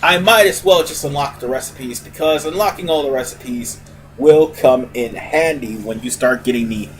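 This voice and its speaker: A man's voice: medium pitch, normal speed. A man giving casual, rambling let's-play commentary as host of a gaming video, often correcting himself. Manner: chatty, rambling, self-correcting.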